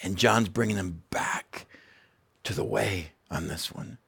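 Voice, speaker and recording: A man's voice: low-pitched, slow, vocal fry, a bit bright, slightly rough. A middle-aged man preaching a sermon as pastor, earnest and emphatic, repeating key phrases and dropping in casual asides.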